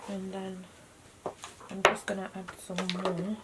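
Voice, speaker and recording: A woman in her twenties, chatting softly as she narrates her makeup steps at home. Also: mid-range voice, little pitch movement, measured pace. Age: 20s. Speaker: vlogger. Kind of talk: casual chat. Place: at home, getting ready. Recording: noisy home video recording.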